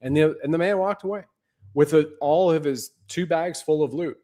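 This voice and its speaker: A man's voice: fairly high pitch, moderate pace, warm tone. A man hosting a show, delivering a rambling, conspiratorial livestream monologue. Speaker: show host.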